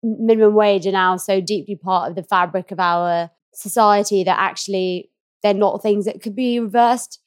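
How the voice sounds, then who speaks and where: A woman's voice: mid-range voice, fairly even intonation, moderate pace. Reflective woman hosting a podcast. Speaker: podcast host. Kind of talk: podcast interview.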